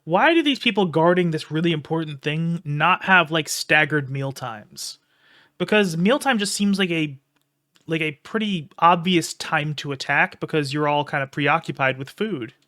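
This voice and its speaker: A man's voice: fairly high pitch, expressive, moderate pace, pushed and bright, no echo, clean studio sound. A man hosting a reaction video, casually commenting and thinking aloud, with some swearing.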